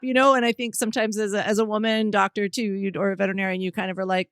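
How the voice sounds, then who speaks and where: A woman's voice: mid-range voice, fairly even intonation, fairly bright tone, clean tone, no room sound. Woman podcast host, easygoing and chatty, dry studio sound. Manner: friendly, chatty, quick to laugh. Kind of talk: casual conversation.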